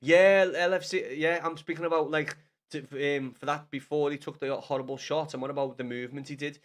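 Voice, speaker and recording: On a live stream, a young man with a Liverpool Scouse accent chats loosely about football. His voice sits a little high with a slightly bright tone, and he rambles, curses and addresses viewers by name.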